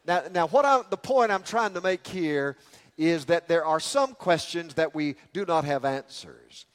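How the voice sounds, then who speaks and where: A man's voice: a little high, expressive, a little slow. An older man preaching a sermon in a folksy, rambling way, with many restarts and jokes. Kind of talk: sermon with humorous stories. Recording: long hall reverb.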